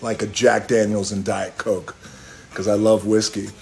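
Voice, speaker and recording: A man's voice: on the low side, little pitch movement, unhurried, creaky, a little mellow. A middle-aged man casually telling a rambling story on a phone live stream, swearing offhandedly and breaking into bits of song. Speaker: livestream host telling a story. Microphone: phone camera.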